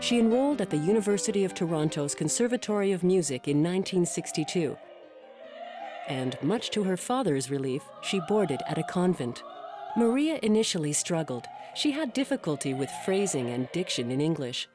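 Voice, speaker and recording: Woman narrating a documentary, lowish voice, steady pace, music playing under her. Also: normal speed.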